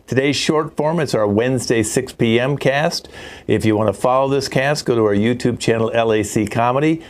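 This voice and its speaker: A man's voice: medium pitch, moderate pace. An older man hosting a live online improv show, joking with dry asides and rambling a little. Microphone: video call mic.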